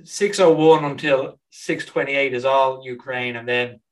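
A man's voice: medium pitch, steady tone, a little slow. A man co-hosting a podcast, who rambles and restarts as he talks. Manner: hesitant and rambling. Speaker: podcast co-host. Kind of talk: casual podcast chat.

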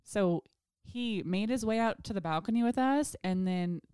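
A woman's voice: mid-range voice, normal speed, a little mellow, clear, resonant tone, no echo, studio quality. A woman in her thirties chatting casually and laughing often while she tells a story. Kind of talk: casual chat.

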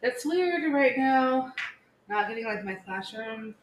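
A woman in her thirties, co-hosting a podcast in casual chat, telling stories in a chatty, animated way with many "like"s. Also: on the high side, takes it slowly. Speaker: podcast co-host. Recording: echoey room with faint background hiss.

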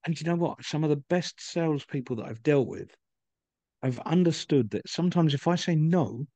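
A man's voice: on the high side, moderate pace, mellow, no room sound, muffled recording. A man hosting a podcast, chatting casually and telling stories with emphasis. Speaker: podcast host.

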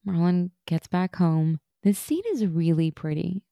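A woman's voice: fairly low pitch, fairly even intonation, a little slow, vocal fry, mellow, no room sound, studio quality. A woman co-hosting a podcast, chatting casually and laughing often as she recaps a TV episode. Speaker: podcast co-host.

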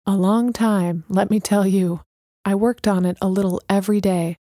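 A woman voicing a calm, gentle older street woman with a spiritual gift, speaking softly. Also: mid-range voice, moderate pace, no echo, clean studio sound, close to an everyday voice. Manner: calm, soft-spoken.

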